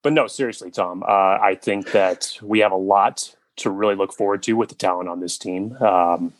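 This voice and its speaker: A man's voice: normal speed, no room sound, close to an everyday voice. A man playing an intense male head coach candidate, speaking earnestly. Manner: earnest, then yelling in a high voice. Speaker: podcast co-host.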